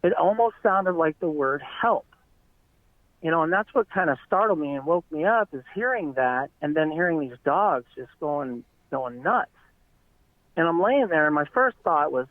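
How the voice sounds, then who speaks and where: A middle-aged man tells a long eyewitness story in an earnest, rambling way, his voice sitting a bit high. The sound is tinny and phone-like, with no room in it at all. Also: expressive, moderate pace, no room sound. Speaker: eyewitness guest. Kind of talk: casual storytelling.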